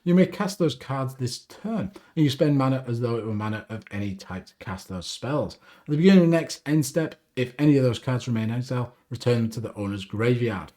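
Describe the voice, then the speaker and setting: A man talks through his favorite cards, reading out their rules and reacting with upbeat asides. His pitch swings widely as he speaks. His tone is casual and chatty, like a regular host of his own show. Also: a little fast. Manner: reads card text aloud, animated, self-deprecating asides. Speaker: deck review host. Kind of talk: casual card game commentary.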